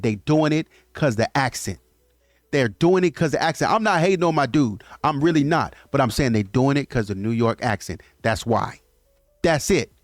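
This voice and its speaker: Man, animated commentary, higher voice, dry close sound. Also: no echo. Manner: animated, acts out quotes of others. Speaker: host. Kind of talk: casual commentary monologue.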